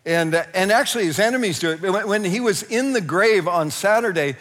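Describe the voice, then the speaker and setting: A man preaching a sermon with animated delivery, often laughing and crying out. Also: high voice, brisk, long reverb tail. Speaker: pastor.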